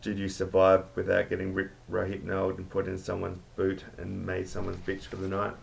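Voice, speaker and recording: A man voicing his crude, boozy mate, who swears loudly and laughs a lot. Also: sits low, completely flat delivery, moderate pace, gravelly, slight background noise. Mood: rowdy. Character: crude boozy male Aussie mate, loud.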